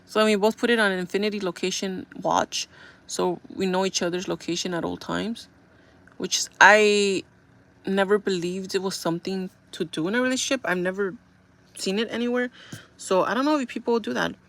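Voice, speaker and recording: A young woman talks casually to her viewers in a mid-pitched voice. She rambles and circles back, filling her sentences with "like" and "you know" as she tells a story. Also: steady tone, brisk, gravelly, a bit bright. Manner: rambling, filler-heavy storytelling with frequent "like". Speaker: vlogger. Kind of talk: casual chat.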